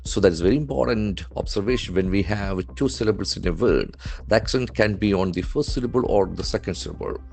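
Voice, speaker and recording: Deliberate low-voiced teacher. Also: male voice, gravelly, darkish tone. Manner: slow, deliberate, spells words letter by letter. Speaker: English language trainer. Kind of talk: newspaper vocabulary lesson.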